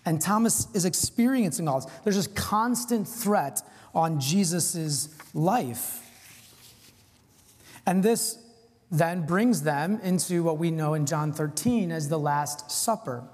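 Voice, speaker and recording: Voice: mid-range voice, darkish tone. A preacher giving an informal, earnest sermon, with frequent casual asides. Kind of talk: conversational sermon. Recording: long hall reverb.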